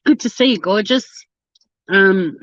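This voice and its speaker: This livestream host is a woman from Tasmania, Australia, driving in her car while she chats casually, swears freely, and responds to the live chat. Her medium-pitched voice is a little slow and fairly bright, on a lo-fi recording with no echo.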